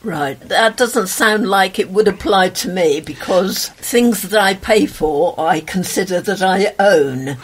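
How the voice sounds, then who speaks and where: A woman speaks slowly and deliberately in a conversational discussion, her voice husky. She offers brief, thoughtful replies in a measured way. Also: medium pitch.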